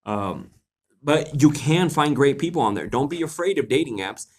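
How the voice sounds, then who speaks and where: At medium pitch and a moderate pace, a young man hosts a live question-and-answer stream with an animated delivery. He's laid-back and slangy, cracking jokes and laughing often as he responds to viewers.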